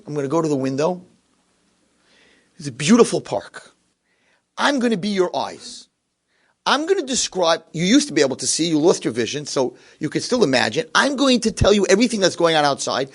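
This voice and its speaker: A man voicing a kind, cheerful wealthy old man, talking in a lively, coaxing way. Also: on the high side, breathy edge, pitched above the performer's own voice.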